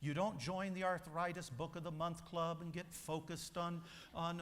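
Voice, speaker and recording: Speaking at normal speed in a level, fairly bright tone, this man's voice runs on the high side. He's a motivational speaker delivering an emphatic, sermon-like story to a convention audience, with long reverb from the big hall.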